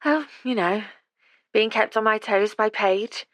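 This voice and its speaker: Woman doing a breathy flirtatious single mum. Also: medium pitch, measured pace, no echo, pitched above the performer's own voice, lightly acted. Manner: coaxing, playful.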